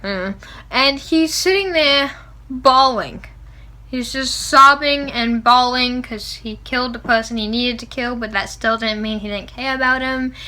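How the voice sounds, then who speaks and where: A young woman reviewing a book she loves in a casual vlog, excitable and gushing, often gasping, laughing and saying "like". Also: a little high, measured pace. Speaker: book vlogger.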